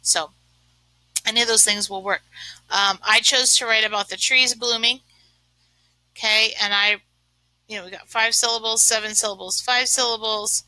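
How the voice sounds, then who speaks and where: A woman's voice: a little high, steady tone, normal speed, long pauses, pushed and bright, no room sound, rough recording. A woman teaching a remote lesson, chatting and thinking aloud as she writes, with many fillers. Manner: chatty, uses lots of fillers. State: sneezing from allergies.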